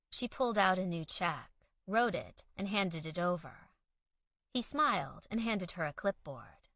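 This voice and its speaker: A woman's voice: fairly low pitch, expressive, measured pace, no room sound. A woman narrating an audiobook with a wry, dry sense of humor. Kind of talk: scripted narration. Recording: dry, slightly dull studio sound.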